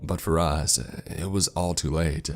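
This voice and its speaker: A man narrating a first-person horror story in a slow, somber, scripted way. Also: a bass voice, fairly even intonation. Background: faint background music.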